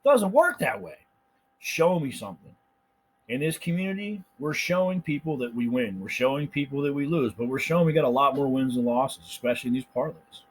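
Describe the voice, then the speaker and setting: A man hosting a sports betting picks channel, telling stories in a casual, profane, animated rant. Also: mid-range voice, fairly quick, a little hiss or hum, low-quality recording. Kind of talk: casual ranting monologue.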